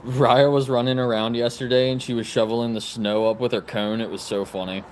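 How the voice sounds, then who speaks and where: A man filming on his phone outdoors in a yard, talking to rescue dogs. He swears casually and often slips into high, sing-song baby talk. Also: level tone, fairly quick, darkish tone, a little hiss or hum. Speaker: vlogger at a dog rescue. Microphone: phone camera held in hand.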